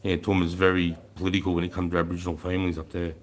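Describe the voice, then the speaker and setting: A deep-voiced Australian man in his forties hosts a casual livestream. He talks bluntly in matey slang and swears freely as he chats with viewers. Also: level tone, very fast. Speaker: livestream host.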